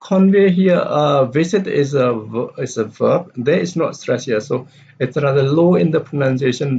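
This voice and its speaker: A man teaching English stress and intonation, explaining slowly with frequent pauses and fillers, on a dull lo-fi recording. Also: medium pitch, vocal fry, a little mellow, slight background noise. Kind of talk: explaining stress in story reading.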